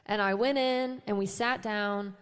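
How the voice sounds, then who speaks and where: A woman's voice: medium pitch, fairly even intonation, measured pace, clean tone, big-room sound. Chatty young woman songwriter on stage. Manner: casual, self-deprecating, laughs often, many "um" and "like". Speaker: singer-songwriter. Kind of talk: chatty storytelling between songs at a live show. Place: church hall with a live audience.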